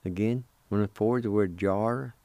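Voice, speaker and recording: A man hosting a radio language lesson, spelling words letter by letter and repeating each pronunciation slowly. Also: fairly low pitch, steady tone, warm tone, clean tone, no echo. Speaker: radio host teaching Cherokee words.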